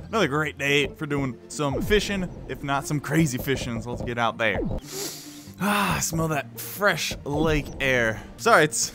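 A man hosting a gaming video, playing a virtual reality fishing game with excitable, playful running commentary, laughing and talking to the fish. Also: a little high.

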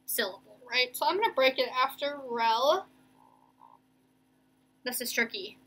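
A young woman teacher giving a remote reading lesson to children, slowly stretching out each word as she sounds it. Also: sits high, animated, a bit bright. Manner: slow, stretched-out sounding of words.

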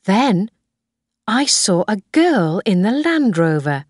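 A woman narrating a graded reader story in a slow, clear, careful way. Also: medium pitch, big pitch swings, no echo, clean studio sound. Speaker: audiobook narrator.

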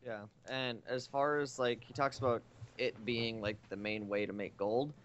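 A man co-hosting a casual gaming podcast, explaining things in a relaxed, self-deprecating way. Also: medium pitch, moderate pace, slight background noise. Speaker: podcast co-host. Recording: dull lo-fi podcast audio.

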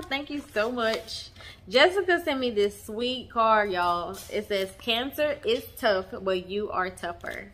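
A young woman chatting to her viewers, warm and emotional, often saying y'all. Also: on the high side, lively intonation, slow pace. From Texas. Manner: emotional, near tears at times. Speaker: vlogger. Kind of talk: casual chat. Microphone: camera mic on tripod.

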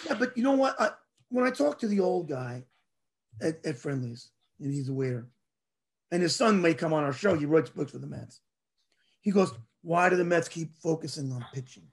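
A man hosting a casual sports chat, telling rambling, animated stories. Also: fairly high pitch, moderate pace. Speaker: show host.

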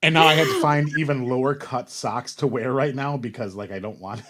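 A man's voice: medium pitch, brisk, fairly bright tone. A middle-aged man telling a rambling, joking story in a casual chat, swearing freely. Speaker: co-host.

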